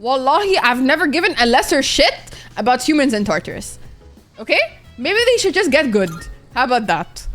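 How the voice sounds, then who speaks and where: A woman's voice: high-pitched, big pitch swings, brisk, a bit bright. A young woman streaming a video game, ranting dramatically and swearing in exasperation at it. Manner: profane, exasperated, dramatic rants. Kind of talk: let's-play livestream commentary. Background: faint game music.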